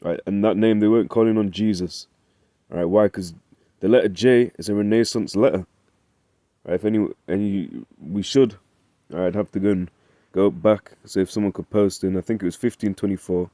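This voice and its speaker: A man's voice: fairly low pitch, fairly even intonation, moderate pace, warm tone, no echo. A man giving a casual Bible study, talking conversationally, often asking "right?" and reading scripture aloud. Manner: reads scripture in old-fashioned wording. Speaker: Bible teacher.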